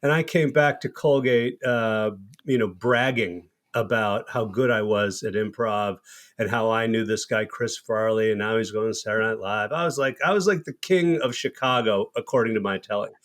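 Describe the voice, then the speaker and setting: A man in his fifties, a podcast host telling a long, animated anecdote in casual chat with plenty of restarts. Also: fairly low pitch, moderate pace. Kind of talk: casual storytelling.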